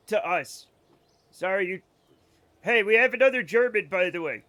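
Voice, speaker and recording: An American man streams a game, joking and rambling as he talks to his chat. His voice is high-pitched and pushed, with a bright, lively intonation, and he speaks without hurry.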